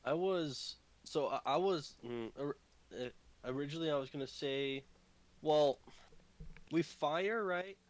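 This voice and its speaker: A man's voice: a little high, measured pace. A man playing a tabletop game, rambling and thinking aloud about his moves. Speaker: player. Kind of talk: casual tabletop game chat.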